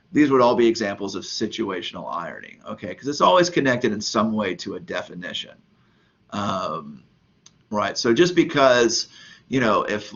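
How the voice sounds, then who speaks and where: A man teaching a recorded lesson in a relaxed way, with many ums and you-knows. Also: lowish voice, highs cut off. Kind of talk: recorded lecture.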